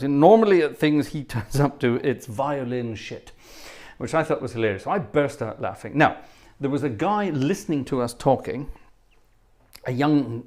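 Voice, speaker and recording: A man's voice: mid-range voice, a little mellow. A man hosting a livestream, telling anecdotes in a chatty, self-deprecating way between pieces of music. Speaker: livestream host and organist. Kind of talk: casual chat.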